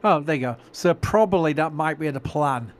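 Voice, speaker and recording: A middle-aged man with a Yorkshire English accent chats casually on a livestream. His voice sits a little high, and he is self-mocking and laughs easily. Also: moderate pace. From England. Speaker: livestream commentator.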